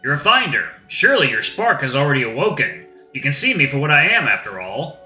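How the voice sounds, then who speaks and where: A man voicing a big male wolf giant who speaks calmly and reassuringly. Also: medium pitch, a little fast, reverberant, faint music behind, low-quality recording. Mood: soothing. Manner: soothing and easygoing.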